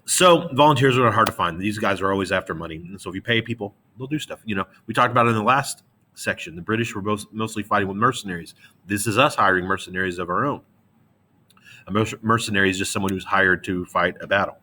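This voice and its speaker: A male teacher gives a history lesson to a middle school class. He talks in a casual, slangy way, with frequent fillers and restarts. His voice is bright and somewhat low. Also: quick pace, a little hiss or hum.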